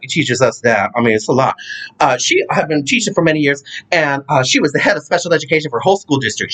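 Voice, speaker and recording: A man from Ohio telling a funny family story in a campy, theatrical, animated way. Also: fairly high pitch. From Ohio, USA. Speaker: comedic storyteller. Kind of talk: casual comedic storytelling vlog.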